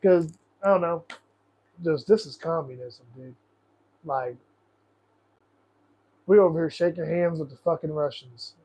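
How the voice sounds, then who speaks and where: A man's voice: fairly high pitch, measured pace, pauses often, warm tone. A young man hosting a casual political livestream, ranting in a profane, frustrated, rambling way. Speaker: host.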